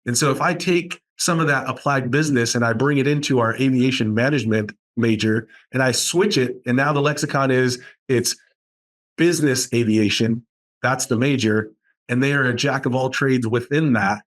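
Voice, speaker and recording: A Boston man appears as a guest on a podcast interview, telling enthusiastic, animated stories about his college aviation program. His voice is mid-range and his pace normal.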